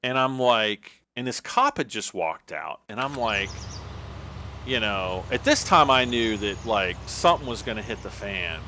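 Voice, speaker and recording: A man's voice: fairly low pitch, animated, unhurried, pushed and bright. A man on a livestream telling a long personal story in a casual, rambling way, full of restarts and "like".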